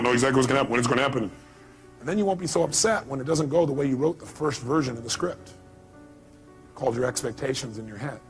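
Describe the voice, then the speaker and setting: A man delivers a motivational seminar with a high-pitched, emphatic voice. He keeps firing rhetorical questions at the crowd, and soft music plays underneath. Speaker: motivational speaker. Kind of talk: live seminar talk.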